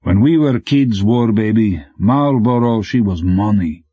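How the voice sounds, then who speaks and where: A man's voice: lowish voice, lively intonation, unhurried, dark tone, breathy edge, dry recording. A man voicing a blunt, pushy male cop in an audiobook, speaking clipped broken English. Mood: nostalgic. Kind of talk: audiobook character voice. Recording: dull dry recording.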